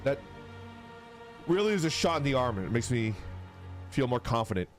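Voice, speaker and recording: Over soft background music, a man with a mid-range voice streams live at normal speed. He chats casually and lively with viewers, reading their messages aloud and swearing freely.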